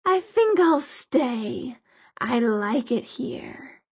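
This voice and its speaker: Slow, drawling, bored male demon, read by a woman; dry, narrow, phone-like sound. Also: fairly high pitch, animated, husky, no echo, exaggerated voice.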